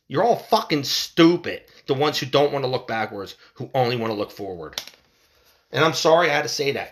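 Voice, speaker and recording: A man rants straight to his viewers in a heated, fired-up monologue. He swears freely, repeats phrases and trips over restarts, his fairly high voice leaping up and down as he pushes his point. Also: fairly bright tone. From United States. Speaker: vlogger.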